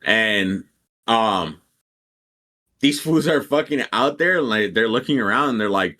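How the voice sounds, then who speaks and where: A man's voice: fairly low pitch, animated, a little slow, long pauses, bright, forceful tone. A young man casually telling a rambling, profane story and quoting people animatedly as a podcast co-host.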